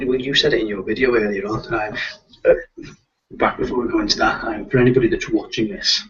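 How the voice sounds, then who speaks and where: A man's voice: on the low side, fairly bright tone, breathy edge. A man with a Liverpool accent hosting a casual live stream, hesitant with lots of ums. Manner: hesitant, with many ums and restarts. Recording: distant, dull lo-fi online call audio.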